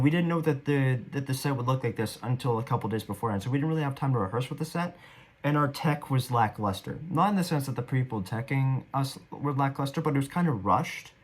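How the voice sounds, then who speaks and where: A young man talks through his own stage performance in a loose, rambling way. He is casual and a bit self-deprecating, and his voice sits at an ordinary middle pitch. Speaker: actor reviewing his performance. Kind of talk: casual commentary.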